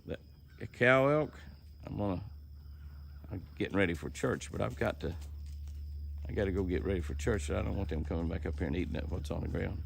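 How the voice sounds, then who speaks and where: An older man with a low, gravelly voice talks folksy and easy, chatting to his animals and his viewers alike. He is recorded outdoors in the woods, with a faint hiss of open air behind him. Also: a little fast. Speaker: ranch owner and outdoor show host. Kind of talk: casual outdoor vlog narration.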